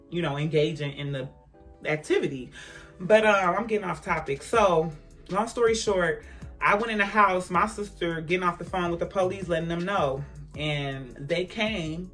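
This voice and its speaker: A woman vlogger telling a personal story in a casual storytime, emphatic and animated, talking straight to her viewers. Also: fairly low pitch.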